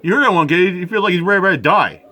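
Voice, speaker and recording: A man's voice: sits high, expressive, racing, sharp tone. A man giving profane, outraged commentary while reacting to news footage.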